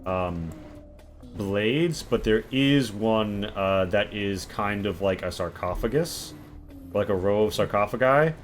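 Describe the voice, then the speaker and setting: A man's voice: on the low side, expressive, slow, soft background music. A man narrating as game master, describing scenes in vivid, crude, rambling detail.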